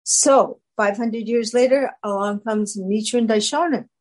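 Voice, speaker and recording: A woman guest telling her personal story in casual talk, animated and acting out quoted voices. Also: on the high side, a little slow, rough recording.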